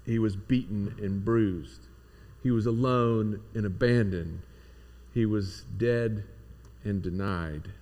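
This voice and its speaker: Male pastor, unhurried and low-pitched, earnest reflective sermon delivery. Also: darkish tone.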